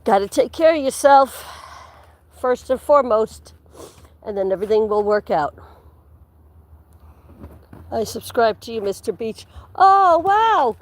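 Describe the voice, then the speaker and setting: A woman with a somewhat high voice talks on a livestream as she walks outdoors through the woods. She chats casually with her viewers and rambles from one story to the next. She laughs easily and sometimes drops to a whisper. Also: measured pace, long pauses, a little mellow. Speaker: livestream host. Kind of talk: casual chat while walking outdoors.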